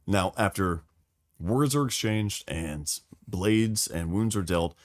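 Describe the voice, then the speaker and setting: A man talks through lore on a casual podcast, swearing freely and acting out quotes as he tells the story. His voice sits a little low. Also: takes it slowly. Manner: profane, animated storytelling with acted quotes. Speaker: podcast host explaining lore.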